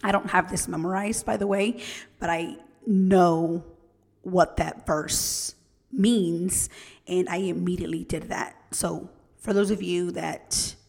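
A woman with a lowish, gravelly voice tells a personal story to her listeners, earnest and direct. Her voice hangs in a long reverb, as if in a large room. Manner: earnest, personal, addresses listeners as "you guys".

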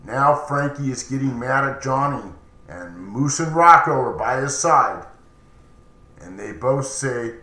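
A man's voice: medium pitch, slow pace. Chatty male storyteller, roomy echo. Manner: chatty, animated. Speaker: podcast storyteller. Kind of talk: casual storytelling narration. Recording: roomy echoey recording.

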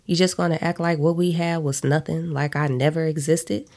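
Smug pushy ex guy in a storybook reading, dry tone, kinda low, woman reading him. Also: steady tone, moderate pace, darkish tone, natural voice. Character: smug persistent ex-boyfriend, adult man.

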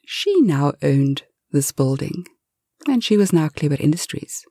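A woman narrating a bedtime story for adults in a soft, half-whispered delivery. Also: low voice, very animated, measured pace, breathy edge, no echo, clean studio sound.

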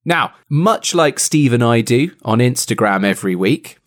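A man's voice: mid-range voice, lively intonation, moderate pace. A man hosting a comic podcast, retelling a story playfully and teasing his co-host. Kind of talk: comic book-club podcast chat.

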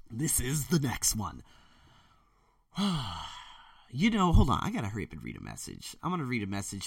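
Young male podcast host, heated and profane rant, animated delivery, dry slightly distant sound. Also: on the low side, no room sound. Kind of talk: casual ranting monologue. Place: bedroom with door closed. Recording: dry room, voice a bit off-mic.

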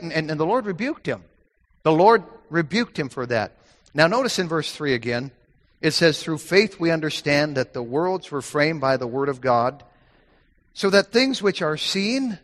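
A man's voice: a little high, a bit bright, big-room sound. A man preaching a sermon, emphatic, repeating key phrases and quoting scripture in old-fashioned wording.

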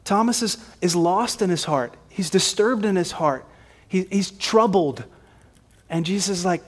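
Brief: male preacher, conversational and emphatic sermon delivery, slightly high voice, asks rhetorical questions. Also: moderate pace. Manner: conversational, emphatic, frequent repeats.

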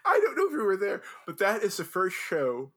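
A man hosting a casual chat, telling animated stories full of restarts and laughter as a former judge. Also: high-pitched, fairly quick. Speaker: podcast host and former drum corps judge.

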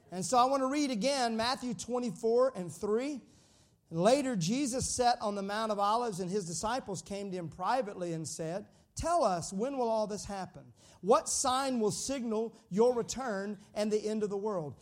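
Lively preaching man with a twang. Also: high voice. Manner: lively, joking with the congregation, calls for responses. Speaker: pastor. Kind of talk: sermon.

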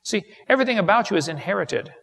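A man delivers a seminar lecture in a gravelly, slightly raised voice, telling folksy stories that land on punchlines. His words ring with the long reverb of a large hall, as in a live seminar recording. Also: high-pitched, sing-song, fast talker, a bit bright. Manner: folksy, joking storyteller who builds to punchlines. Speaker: creationist seminar speaker.

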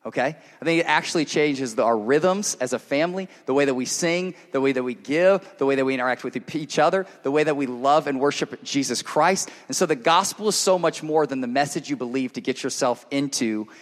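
A man preaching a sermon to his church, earnest and direct, moving between loud emphatic passages and hushed intimate ones. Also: medium pitch, a little fast, hardly any pauses. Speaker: pastor. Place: church service. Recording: long reverb of a large hall.

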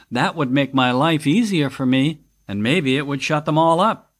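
A man's voice: on the high side, moderate pace. A man hosting a podcast, delivering a scripted political monologue in a wry, sarcastic manner. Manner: wry, sarcastic, mock voices for critics. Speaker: podcast host.

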